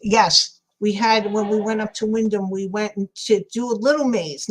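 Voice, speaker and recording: A woman's voice: medium pitch, normal speed, hardly any pauses, poor audio. Chatty New York woman crafting live. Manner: chatty, rambling, laughs often, answers viewers by name. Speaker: craft livestream host. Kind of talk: casual chat while crafting and reading live chat.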